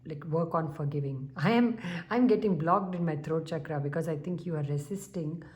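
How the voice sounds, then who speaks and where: Calm low-voiced woman. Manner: calm, unhurried, with soft humming pauses. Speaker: tarot reader. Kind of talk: spiritual tarot reading to viewers.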